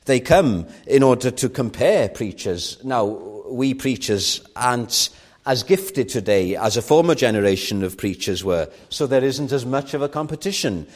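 A man's voice: mid-range voice, expressive, normal speed. A man preaching a sermon at an evening church meeting, earnest and rising to fervent emphasis.

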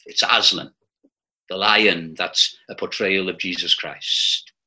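Preacher guy, slow sermon, bright tone, reads stories aloud with feeling. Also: low-pitched, steady tone.

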